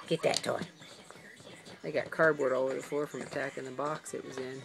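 A woman's voice: deep voice, lively intonation, moderate pace, vocal fry. A woman filming her dogs at home, coaxing them in sing-song pet talk and laughing often. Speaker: dog owner filming her pets. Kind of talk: casual home video. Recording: noisy home video with dogs. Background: dogs playing and huffing.

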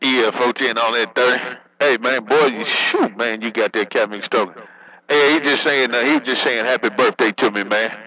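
A man's voice: medium pitch, moderate pace, bright, forceful tone, rough recording. A working man chatting casually over a CB radio, joking in loose slang and laughing often. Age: adult, working. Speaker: CB radio operator.

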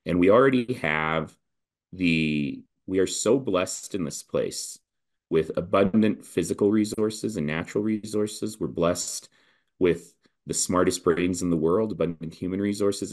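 A man from Canada, a political leadership candidate, talking in a podcast interview with an animated, persuasive campaign delivery and rhythmic repetition. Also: sits low, normal speed.

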